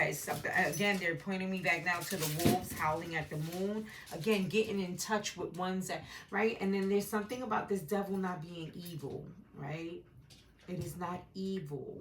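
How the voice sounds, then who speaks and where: A woman's voice: lowish voice, moderate pace, slight background noise. A woman giving a meandering intuitive tarot reading from home, often adding "right?" as she talks. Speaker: tarot reader. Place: home with a dog nearby.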